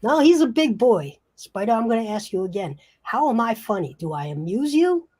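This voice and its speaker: A woman's voice: on the high side, sing-song, moderate pace, warm tone, slightly rough, pitched above the performer's own voice. A woman voicing a touchy, bullying male gangster boss who needles with menacing questions.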